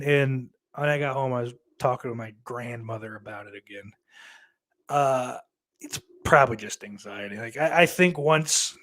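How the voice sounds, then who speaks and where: Young male podcast host, casual livestream chat, rambling and profane, medium pitch. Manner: rambling, profane, self-deprecating.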